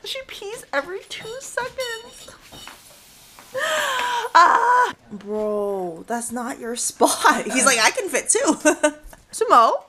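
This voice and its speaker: A woman's voice: high-pitched, drawn-out words, poor audio. A woman vlogging casually, cooing at puppies in baby talk and often gasping and laughing. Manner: excitable, gasps and laughs often. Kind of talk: casual vlog.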